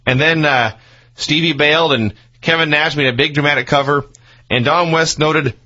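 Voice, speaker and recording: A man co-hosting a wrestling review podcast, with dry, wry commentary and quick deadpan asides. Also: on the high side, lo-fi sound. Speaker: podcast co-host. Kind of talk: casual wrestling review chat.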